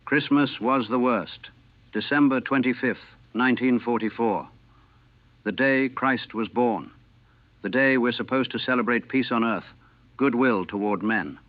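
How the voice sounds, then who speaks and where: A man narrating his wartime memories as a chaplain in a somber, measured, grave way. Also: mid-range voice, dry recording. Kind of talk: first-person war memoir narration. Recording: narrow phone-like band, dry.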